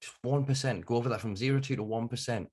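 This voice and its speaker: A man's voice: mid-range voice, fast talker, a little mellow, breathy edge. A man with a Northern English accent hosting a podcast, talking with passion and emphasis and swearing freely. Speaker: podcast host. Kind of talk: casual podcast conversation.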